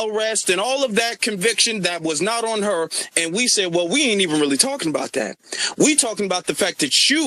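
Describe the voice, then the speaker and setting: A man's voice: high-pitched, bright, forceful tone, no room sound. A man giving impassioned political commentary in an audio chat room, emphatic and repetitive.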